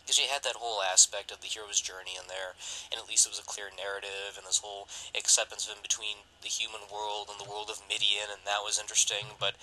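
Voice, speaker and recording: A man's voice: fairly low pitch, slight background noise, low-quality recording. A man co-hosting a casual film podcast, recapping a movie plot with jokes and frequent giggles. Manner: joking, giggly, animated recapping. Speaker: podcast co-host.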